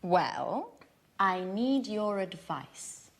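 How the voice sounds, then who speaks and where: A friendly young advice-seeker. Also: female voice, medium pitch, sing-song, very slow, heavily acted. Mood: earnest. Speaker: dialogue character in a language course. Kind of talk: scripted course-book dialogue.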